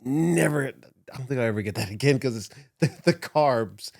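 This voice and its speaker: A man's voice: mid-range voice, lively intonation, normal speed, gravelly, darkish tone, no room sound, clean studio sound. A man, a former wrestler, recalling his career in a casual interview, laughing often as he talks. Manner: laughs often, emotional recollection. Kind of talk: casual storytelling.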